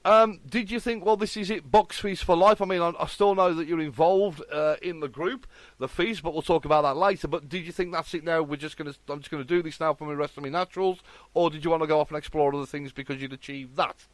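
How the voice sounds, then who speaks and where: A man's voice: fairly high pitch, fairly even intonation, quick pace, no echo. A man hosting a radio interview, eager and full of praise, often restarting his sentences. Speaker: radio host. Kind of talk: casual interview.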